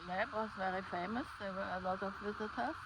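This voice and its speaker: An older woman from Germany with a German accent, chatting casually outdoors in her yard and speaking haltingly, with many restarts. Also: medium pitch, steady tone, heavy background noise. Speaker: interviewee, homeowner.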